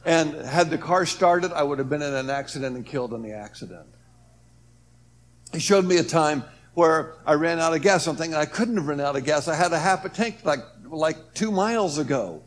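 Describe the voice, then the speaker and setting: With lively intonation and a voice on the high side, a man recounts his near-death story as a heartfelt testimony at a moderate pace. He acts out the words of the people involved, his voice building and falling as the account unfolds.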